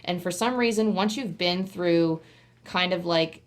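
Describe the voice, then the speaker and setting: Looking right into the camera, a woman does a relaxed pick-a-card tarot reading, rambling chattily with plenty of "like" fillers and the odd excited squeal. Her voice sits on the low side and moves a little slowly.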